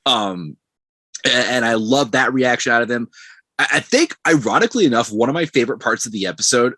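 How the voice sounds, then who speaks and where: A man's voice: medium pitch, expressive, fairly quick, pushed and bright, no room sound. A man chatting enthusiastically about a TV episode on a podcast roundtable. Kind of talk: casual roundtable chat.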